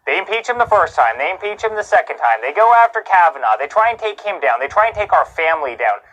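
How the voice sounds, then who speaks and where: A man with a somewhat high voice speaks in a live television interview, heated and indignant. He drives his points with emphatic repetition, sounding fired up and insistent. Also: very animated, quick pace, a bit bright, highs cut off. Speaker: interview guest.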